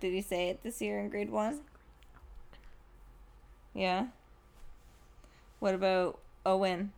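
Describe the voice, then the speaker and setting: A woman, a guest and mother, chatting casually in a warm, lightly scolding manner. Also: medium pitch, steady tone, takes it slowly, gravelly, clean tone. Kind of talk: casual chat.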